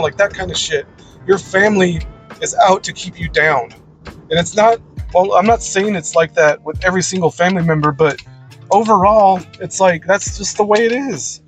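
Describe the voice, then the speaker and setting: A man's voice: sits high, normal speed, soft background music, low-quality recording. A man in an unscripted personal monologue, ranting bluntly and emphatically, with frequent swearing. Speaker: video creator.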